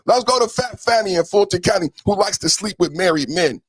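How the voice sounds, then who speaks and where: A man with a high voice delivers a heated political commentary rant as a podcast host. He is profane and mocking, and he often flares up into shouting. The sound is dry and close, with no room echo. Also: expressive, a little fast, slightly rough.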